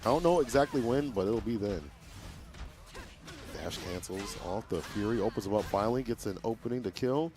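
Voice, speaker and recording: A man co-hosting a fighting game watch party in a laid-back, slangy way, with animated reactions. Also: fairly low pitch, normal speed. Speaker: co-host commentator. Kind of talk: casual fighting game co-commentary. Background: music.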